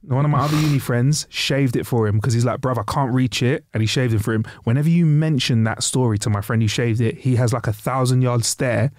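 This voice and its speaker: A man's voice: mid-range voice, a little fast, hardly any pauses, a little mellow, no room sound. A young man, chatting and laughing through bawdy banter on a podcast. His voice sits mid-range, recorded dry and close. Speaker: podcast co-host. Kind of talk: casual chat.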